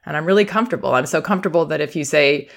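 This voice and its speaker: Woman, podcast host, calm and reassuring parenting-advice talker. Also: low voice, very fast. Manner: warm, reassuring, acts out quoted phrases. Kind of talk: advice talk.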